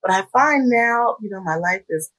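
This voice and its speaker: A middle-aged woman, a psychologist guest on a radio talk show, speaking warmly and with enthusiasm. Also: mid-range voice, moderate pace. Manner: warm, enthusiastic, expressive talker.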